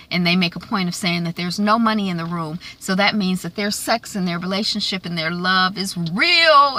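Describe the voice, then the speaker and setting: A woman recapping a TV episode in a chatty, animated way, full of fillers and asides. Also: lowish voice, slight background noise. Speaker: TV recap vlogger. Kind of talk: casual recap and predictions.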